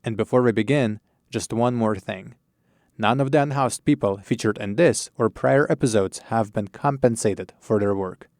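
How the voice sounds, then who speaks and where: A man with a slightly low voice reads a scripted announcement in a measured way. The mic is close and dry. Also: darkish tone, no echo. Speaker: podcast narrator. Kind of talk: scripted narration.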